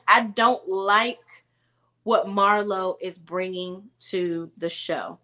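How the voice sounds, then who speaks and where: A woman's voice: medium pitch, bright, forceful tone. Brief: woman recap vlogger, mid-range voice, blunt and exasperated, slangy storytelling. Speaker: reality TV recap commentator. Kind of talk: opinionated casual commentary.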